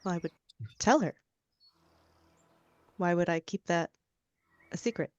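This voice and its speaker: A woman answers in a tabletop game with a lowish, smooth and quite level voice. The sound is dry and a little dull, lo-fi audio. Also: measured pace, dry recording. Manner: earnest, questioning replies. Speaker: player.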